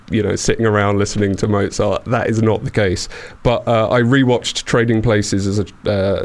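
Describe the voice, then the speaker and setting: A man of forty hosting a casual podcast chat, rambling with lots of fillers and restarts. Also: lowish voice. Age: 40s. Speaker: podcast host.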